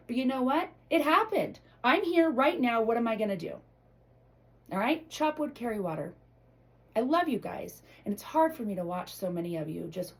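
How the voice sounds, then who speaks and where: A woman's voice: mid-range voice, a little mellow, poor audio. A middle-aged woman delivering a blunt, emotional motivational monologue to her followers, swearing freely. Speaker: motivational vlogger.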